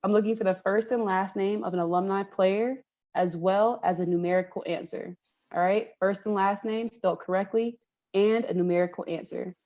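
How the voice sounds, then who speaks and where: A woman's voice: medium pitch, steady tone, normal speed, dark tone. Cheery woman running a trivia game, laughs a lot, medium voice. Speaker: trivia host. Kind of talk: hosting a live trivia call.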